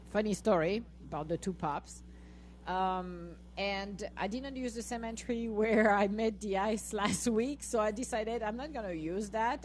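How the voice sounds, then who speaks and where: A woman's voice: medium pitch, slight background noise, poor audio. Laughing woman host telling a story. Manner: animated, laughing, acts out her own lines to the dogs. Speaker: podcast host. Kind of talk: casual storytelling chat.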